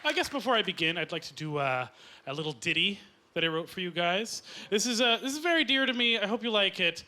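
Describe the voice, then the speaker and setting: High, lively Canadian comic on stage. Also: male voice, fast talker, some chatter behind. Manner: deadpan, rambling with many uhs and lively jumps in pitch. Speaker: stand-up comedian. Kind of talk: stand-up comedy set. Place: comedy club stage with a live audience. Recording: live club recording with loud audience laughter and ambient noise. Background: audience laughing and applauding.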